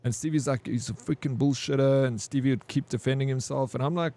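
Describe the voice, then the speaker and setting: A man's voice: mid-range voice, steady tone, fast, hardly any pauses, warm tone. Rambling crude-talking male game streamer. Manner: rambling, crude, laughing while telling an army story. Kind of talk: casual gaming stream storytelling.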